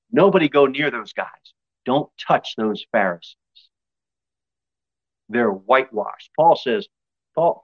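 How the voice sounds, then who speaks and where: A male pastor preaching a sermon, his voice jumping high and loud for emphasis before dropping back low. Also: no echo, highs cut off. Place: church.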